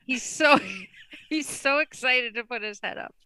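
A woman co-hosting a podcast, telling a story in a casual, animated way with lots of "like" and laughter. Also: high-pitched, a little slow, clean tone, dry recording. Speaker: podcast co-host. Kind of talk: casual chat.

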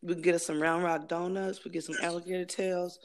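A man chatting casually as a podcast co-host, animated and profane, with dramatic exclamations. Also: high voice, fast talker, a little hiss or hum. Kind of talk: casual chat.

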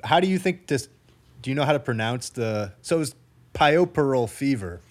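A man's voice: medium pitch, animated, brisk, a little hiss or hum. A man from the Midwest co-hosting a podcast, chatting casually, laughing often and correcting himself as he goes. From American Midwest. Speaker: podcast co-host. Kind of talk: casual chat.

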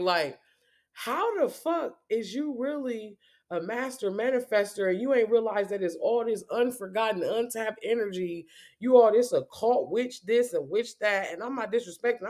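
A woman's voice: medium pitch, normal speed. A woman in the middle of a spoken rant, confrontational and swearing hard. She circles back to the same points over and over. Her voice sits in a middle range. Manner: confrontational, heavy cursing, repeats herself.

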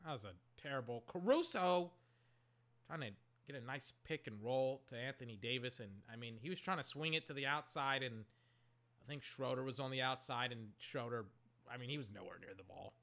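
Bright-voiced guy rambling over a basketball game. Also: medium pitch, a little fast, vocal fry. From Oakland, California. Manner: rambling, lots of "like", bursts of excited shouting. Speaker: basketball watcher commentating a game. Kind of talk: casual play-by-play while watching.

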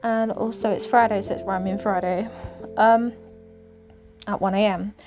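A woman hosting a casual faith podcast, talking in a rambling, hesitant way with many pauses and fillers. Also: medium pitch, steady tone, darkish tone. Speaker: podcast host. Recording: music clearly underneath.

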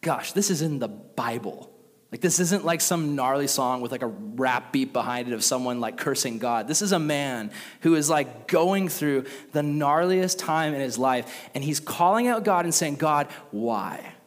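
A male pastor preaching in a casual, animated way, full of slang, reading scripture with rising intensity. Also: medium pitch, normal speed, big-room sound. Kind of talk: casual sermon.

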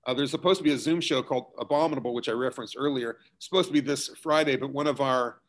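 A middle-aged man, a school theater director, gives relaxed interview answers in a mid-range voice and talks fast. He's an easygoing explainer whose conversational style includes many fillers and restarts.

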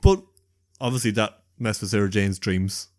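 A man's voice: lowish voice, normal speed, darkish tone. A man, co-hosting a podcast in laid-back, jokey casual chat with swearing. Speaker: podcast co-host.

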